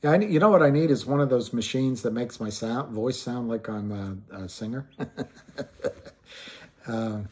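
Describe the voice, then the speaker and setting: A man's voice: mid-range voice, normal speed, pauses often. A man hosting a casual livestream, rambling with frequent restarts and trailing thoughts, and greeting viewers by name as he answers them. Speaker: livestream host.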